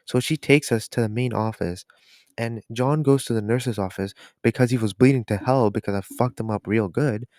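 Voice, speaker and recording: A teenage boy records a casual storytime voice-over for a gameplay video. He is chatty and swears freely, leaning on "so basically" as he goes. His voice sits at an ordinary pitch and sounds dry and close to the mic. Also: moderate pace, a little mellow, dry recording. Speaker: storytime YouTuber.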